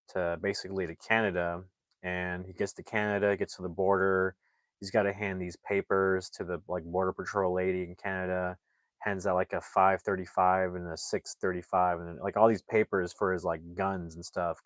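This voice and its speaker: A man's voice: deep voice, no room sound. A man reviewing a movie, casually retelling the plot in a rambling way with lots of fillers and restarts.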